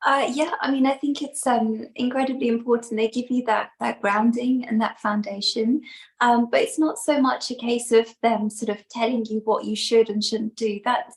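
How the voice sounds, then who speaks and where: Woman panelist, high voice with gravelly fry, reflective and hedging. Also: steady tone, moderate pace. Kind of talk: livestream panel discussion.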